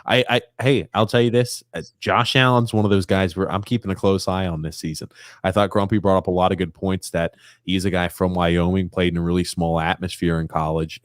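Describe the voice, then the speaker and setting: A man's voice: low-pitched, no echo, studio quality. A man hosting a sports podcast who reads out listener comments in chatty, casual talk. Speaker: podcast host.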